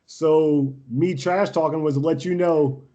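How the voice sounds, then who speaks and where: Brash young man guest, a touch high-pitched, animated storyteller who laughs a lot. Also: a little slow, muffled recording. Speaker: podcast guest, volleyball coach. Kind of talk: casual storytelling interview.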